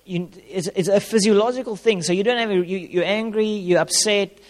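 A man's voice: high voice, brisk. Man preaching in a reverberant hall. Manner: conversational, plain-spoken, repeats key phrases. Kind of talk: informal sermon talk.

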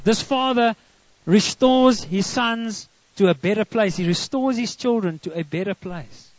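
High-voiced South African pastor preaching. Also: male voice, a little slow, dry recording. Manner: earnest preaching, counts points, drops into homely anecdotes. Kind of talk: sermon. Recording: dull lo-fi recording.

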